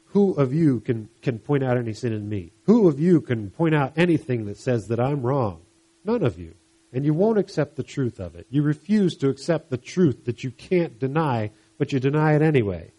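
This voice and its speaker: A man preaching a sermon in an earnest, conversational way, pushing into emphatic bursts and often restarting his phrases. His voice is dark and mellow, with a husky edge. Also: mid-range voice.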